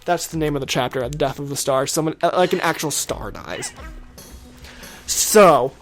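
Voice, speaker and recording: A young woman co-hosting a game video, telling an animated, teasing story and acting out the characters. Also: low-pitched, moderate pace, faint music behind. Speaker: let's play co-host. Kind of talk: playful storytelling over gameplay.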